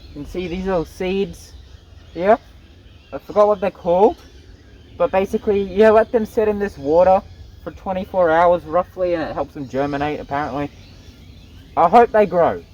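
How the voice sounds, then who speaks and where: A young man with a notably high voice talks casually to the camera outdoors in the bush. He giggles often between his phrases, keeping the tone light and chatty. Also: moderate pace, pauses often, darkish tone, highs cut off. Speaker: vlogger. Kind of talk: casual outdoor gardening vlog.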